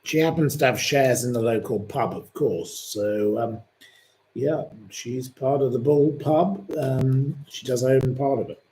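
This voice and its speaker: A man's voice: mid-range voice, a little slow, darkish tone. A man hosting a live-stream quiz, chatting in a rambling, opinionated way between questions. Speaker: livestream host.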